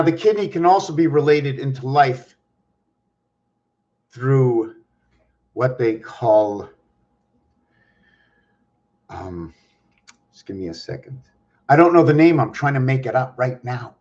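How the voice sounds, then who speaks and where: A man's voice: medium pitch, expressive, unhurried, pauses often. A man hosting his own channel who explains things while drawing, thinking aloud in a wandering way and repeating words. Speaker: channel host. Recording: dull lo-fi sound.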